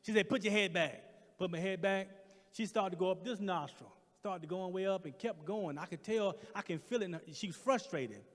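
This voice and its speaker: A middle-aged man doing stand-up comedy on a stage, telling a story animatedly and getting loud for punchlines. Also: high-pitched, a little fast. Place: church hall stage with audience. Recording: reverberant hall.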